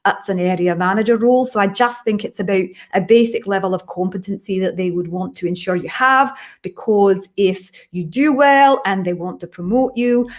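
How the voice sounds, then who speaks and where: A woman's voice: medium pitch, natural voice. A woman putting on a Scottish accent to give career advice in a playful way, recorded in an echoey home office. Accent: put-on Scottish.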